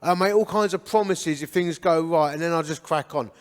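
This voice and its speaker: An Englishman in his fifties gives his life story as a guest speaker to an audience in a church hall, speaking briskly in a fairly high voice. An animated storyteller, he acts out the voices of people he met, and the hall's reverb is audible in the recording.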